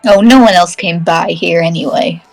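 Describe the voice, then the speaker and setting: A woman's voice: on the low side, moderate pace, gravelly, some chatter behind, rough recording. A woman playing a tabletop game, speaking in character in an easygoing way. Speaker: player. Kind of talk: in-character casual play.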